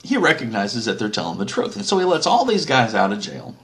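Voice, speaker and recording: A man's voice: medium pitch, huge pitch swings, fairly quick, gravelly, fairly bright tone. A man telling an old story as a casual, crude comedic retelling, full of swearing and asides. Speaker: comic storyteller.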